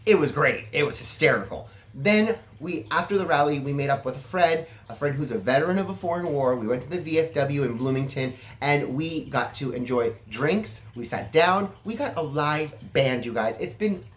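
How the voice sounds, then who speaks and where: A man's voice: on the high side, animated, moderate pace, few pauses. A man from California giving a casual, self-assured vlog monologue, chatty and flamboyant in manner. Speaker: political vlogger.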